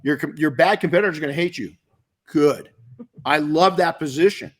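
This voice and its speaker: A man's voice: on the high side, normal speed. A middle-aged man from the United States hosts a podcast and answers listener questions. He speaks in a slightly raised register and keeps things blunt and emphatic, often repeating words for punch. His tone is casual coaching advice. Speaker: podcast host and detailing business coach.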